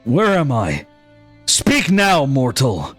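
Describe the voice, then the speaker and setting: A man voicing a reborn winged male champion who speaks in a slow, imperious way. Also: medium pitch, wildly swooping pitch, fairly bright tone, husky, soft background music, pitched below the performer's own voice, full character voice. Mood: haughty.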